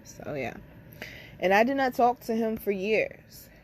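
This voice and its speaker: A woman's voice: fairly high pitch, very animated, a little slow, darkish tone. A young woman hosting her own channel, telling a personal story to camera in a blunt, candid way, swearing freely and talking straight to her listeners. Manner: blunt, profane, speaks directly to listeners as y'all. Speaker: spiritual reader and channel host.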